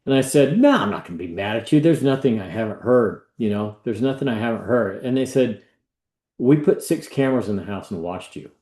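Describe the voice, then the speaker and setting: A man who works as a real estate agent, telling a story in a casual, animated way and acting out the people he quotes. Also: medium pitch, fairly quick. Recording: echoey room.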